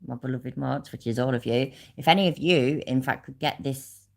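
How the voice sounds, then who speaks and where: A woman's voice: very deep voice, normal speed, vocal fry. A woman with a Leicester accent, a YouTube host talking bluntly and swearing freely in a casual livestream chat. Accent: Leicester English.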